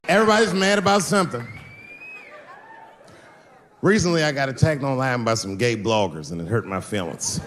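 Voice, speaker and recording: A man's voice: medium pitch, long reverb tail, noisy background. A man performing a stand-up comedy routine with crude, profane punchlines.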